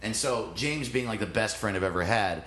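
A man with a low but very lively voice recounts an awkward teenage story, breaking into laughter and casual swearing. He is a comedian guest in a relaxed chat. The room sounds echoey, with a faint hiss behind him. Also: moderate pace.

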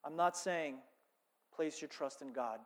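A man's voice: on the high side, a little slow. A male pastor preaching a sermon with rising fervor and repeated phrases. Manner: impassioned, builds to loud preaching with repeated phrases. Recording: long reverb of a worship hall.

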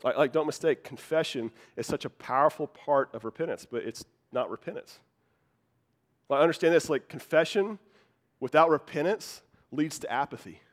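Earnest pastor preaching. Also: male voice, a little high, moderate pace. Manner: earnest, conversational preaching with frequent restarts. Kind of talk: sermon.

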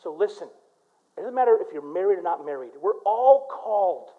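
Guy pastor from michigan preaching in church, goes loud then real quiet, kinda muffled lo-fi sound. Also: sits high. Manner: animated preaching, swinging between loud punches and quiet storytelling. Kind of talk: sermon.

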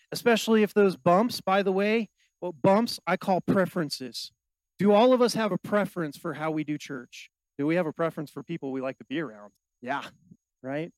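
A man preaching a sermon, asking the congregation questions and swinging between loud exhortation and quiet asides. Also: high-pitched, no room sound, rough recording. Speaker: pastor.

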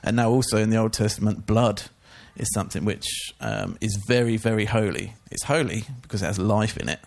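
Man, gravelly, fairly low, casual church teaching, informal asides. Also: brisk. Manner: chatty, informal, many fillers and asides. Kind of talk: casual Bible teaching talk.

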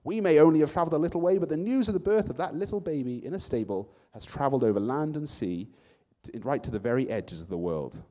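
A man's voice: a little high, animated, fast, warm tone, pitched above the performer's own voice, natural voice. A man voicing a friendly, chatty angel who speaks earnestly and with enthusiasm.

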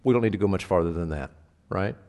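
Low-voiced and darkish in tone, a pastor preaches at a quick pace in an echoey hall. The sermon feels conversational and casual, with frequent questions to the congregation and forcefully stressed key words.

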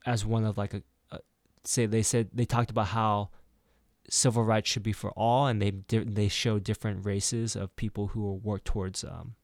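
A man's voice: fairly low pitch, creaky, darkish tone, dry recording, clean studio sound. A man chatting casually, telling a rambling story with many restarts and acting out quoted dialogue. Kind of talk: casual chat.

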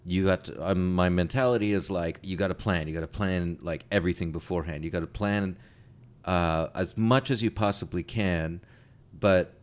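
A man with a very low voice co-hosting a storytelling podcast. He talks in a relaxed, loose way and often repeats his phrases as he thinks. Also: clean tone. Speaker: podcast co-host. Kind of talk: casual podcast chat.

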